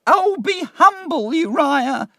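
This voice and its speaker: A man voicing a fussy, pleading old mother in a shrill, strained falsetto. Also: expressive, slow pace, vocal fry, a bit bright, dry recording, studio quality, full character voice.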